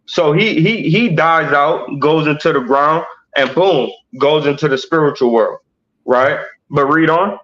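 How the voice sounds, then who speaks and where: A man's voice: a little high, a bit bright, dull audio. Man leading a Bible study, constant "right?". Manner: explains slowly, asks "right?" after nearly every point. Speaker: teacher.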